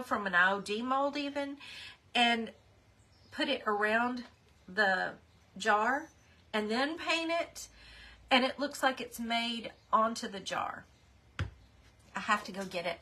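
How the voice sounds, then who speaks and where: A woman's voice: a little high, expressive, measured pace, sharp tone. A woman hosting a live craft demonstration at her home craft table, chatting in a rambling way and greeting viewers by name as she works. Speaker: craft livestream host.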